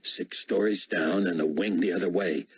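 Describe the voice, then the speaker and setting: A man voicing a calm, guarded American operative, speaking in measured tones. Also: deep voice, slight background noise, natural voice.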